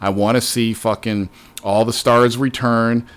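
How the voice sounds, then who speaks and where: A man's voice: mid-range voice, steady tone, measured pace, clear, resonant tone. Male podcast host, blunt and profane, casual argumentative banter.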